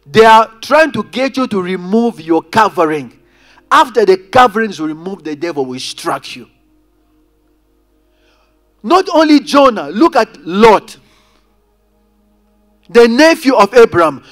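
A man preaching a sermon as pastor, calling out to his congregation and swinging between loud emphasis and quiet asides. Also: high voice, sing-song, measured pace, pauses often, faint music behind. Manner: preaching with rising and falling intensity, addressing congregation directly. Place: church.

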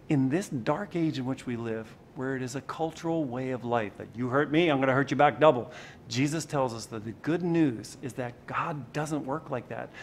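A man preaching a sermon in a conversational, animated way, with sudden shifts in loudness for emphasis. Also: medium pitch, slight background noise. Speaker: pastor.

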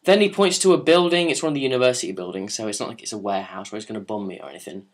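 A young male vlogger tells a story and answers viewer questions, casual, rambling and sarcastic, often swearing and restarting. He speaks very fast with a fairly low pitch.

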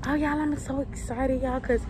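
A woman's voice: high-pitched, fairly even intonation, moderate pace. Chatty woman vlogging on a noisy phone. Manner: chatty, keeps addressing viewers as y'all. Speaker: family vlogger. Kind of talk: casual vlog chat to camera. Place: car, then store aisles and home. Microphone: handheld phone camera. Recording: noisy handheld phone audio.

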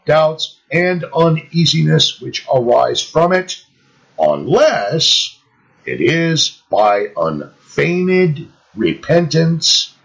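A man reads an old devotional text aloud at an unhurried, measured pace. His pitch rises and falls widely as he stresses each phrase, dropping low when he reads out a scripture reference. The delivery is deliberate and emphatic. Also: vocal fry, fairly bright tone, rough recording. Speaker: reader of a Puritan devotional text. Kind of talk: slow scripted devotional reading.

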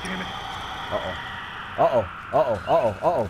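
A man talks over a horror game, mumbling to himself and then bursting into frantic, swearing yells. His pitch swings widely from low grumbles to high panicked cries. A clear layer of noise runs behind his voice. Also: animated, measured pace, pauses often. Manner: swears a lot, swings from muttering to panicked yelling. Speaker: gaming channel host. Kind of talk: let's play commentary.

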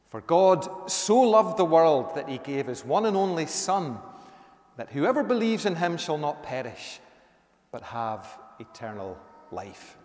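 A man, a minister giving a conversational sermon with emphatic rises. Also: on the high side. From Northern Ireland. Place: church. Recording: echoey church hall.

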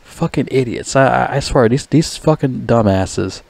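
A man tears into a show in a loose, profane rant, repeating himself and stumbling as he mocks the people on it. His voice sits at an ordinary pitch. The sound is dry and close, with no room around it. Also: lively intonation, moderate pace, creaky, a little mellow, dry recording. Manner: profane, mocking, puts on whiny voices. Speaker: vlogger. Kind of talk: ranting commentary.

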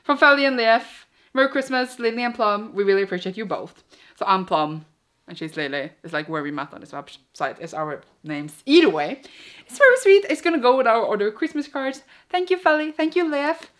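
A woman's voice: a little high, fairly quick, a bit bright. A young woman from Norway, speaking English, chats in a rambling, giggly way while she unboxes things for her vlog. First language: Norwegian. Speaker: vlogger. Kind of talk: casual vlog chat.

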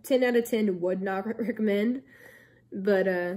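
A woman's voice: medium pitch, unhurried, mellow. A young woman telling a rambling story to camera, full of likes and ums. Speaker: vlogger.

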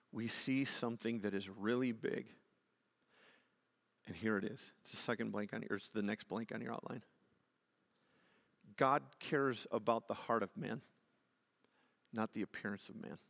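A man preaching a sermon as pastor, swinging from hushed to loud and emphatic and acting out the lines he quotes. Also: medium pitch. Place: church sanctuary. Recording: long hall reverb.

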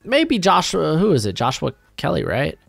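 A man's voice: on the high side, moderate pace, creaky, no echo. A young man hosting a mock draft video, chatting casually as he thinks aloud, rambling and correcting himself. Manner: rambling, self-correcting, animated. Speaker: YouTube mock draft host. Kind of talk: casual live commentary.

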